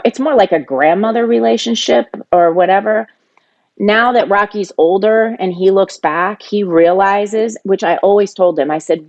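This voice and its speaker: A middle-aged woman telling a personal family story, animated when she acts out arguments. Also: mid-range voice, muffled recording. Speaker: podcast guest.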